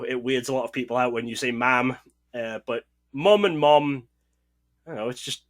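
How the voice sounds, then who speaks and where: A podcast co-host from Northeast England, with a faint accent from the region, chats casually about collecting and trivia. He speaks at an average pitch in a bright, clear voice, explaining patiently and letting his sentences trail off softly.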